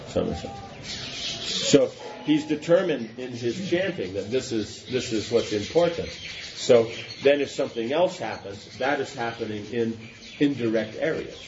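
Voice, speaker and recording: A man's voice: mid-range voice, darkish tone. A man giving a scripture class in a loose, conversational way, often stopping to ask if his listeners follow. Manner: conversational, checks understanding with asides. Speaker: religious teacher. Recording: dull lo-fi with faint noise.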